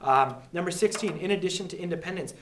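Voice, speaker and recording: A man's voice: high-pitched, a bit bright, distant mic, slight background noise. A man explaining a history study guide to students in a casual, joking way, full of fillers. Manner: chatty, jokey, many fillers, acts out quick quotes. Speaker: history teacher. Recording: echoey room, voice from off mic.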